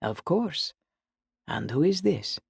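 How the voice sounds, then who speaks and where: A woman's voice: sits low, big pitch swings, takes it slowly, vocal fry, a little mellow, husky, no echo, studio quality, exaggerated voice. A woman voicing a friendly young glassblower with a playful, showman-like manner.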